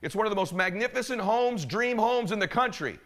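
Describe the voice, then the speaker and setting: A middle-aged man giving a motivational keynote, telling a story with animated delivery and acting out the other people in it. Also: high-pitched, brisk. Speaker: motivational speaker.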